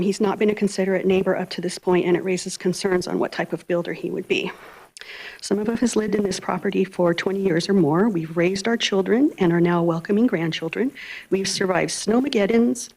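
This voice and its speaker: A middle-aged woman reading an earnest prepared statement during public comment at a city council meeting, speaking softly into a podium microphone. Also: fairly low pitch, moderate pace, rough recording. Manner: earnest, soft-spoken. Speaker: resident giving public comment.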